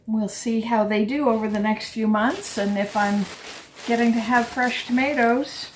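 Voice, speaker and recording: A woman's voice: fairly high pitch, measured pace, slight background noise, low-quality recording. A woman vlogging from her home kitchen, chatting casually and poking fun at herself as she explains a kitchen project. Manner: chatty and self-deprecating. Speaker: homesteading vlogger. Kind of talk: casual vlog narration.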